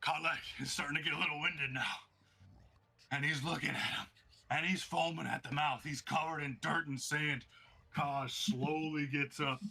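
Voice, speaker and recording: A man narrating a tabletop game as game master, excitable and vivid, like play-by-play. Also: fairly high pitch, moderate pace, vocal fry, slightly rough.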